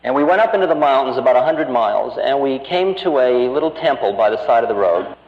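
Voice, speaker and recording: A man's voice: mid-range voice, lively intonation, quick pace. A man giving a lecture, telling a story from his own life in a wry, conversational, self-mocking way. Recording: roomy hall, dull lo-fi archive tape.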